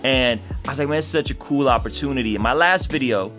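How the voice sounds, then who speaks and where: A man's voice: mid-range voice, fast talker, a bit bright, soft background music. A man hosting his own vlog, talking casually and cheerfully to his viewers. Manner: upbeat, chatty, addresses viewers as guys. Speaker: vlogger.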